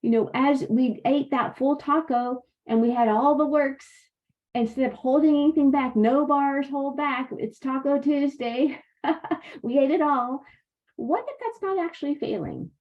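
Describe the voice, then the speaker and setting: A middle-aged woman with a slightly high voice talks to her viewers as a wellness coach, warm in her faith and encouraging. She calls them "you guys" and talks as if to friends. The recording is a little muffled and lo-fi. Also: unhurried. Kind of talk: motivational talk to camera. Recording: slightly dull lo-fi sound.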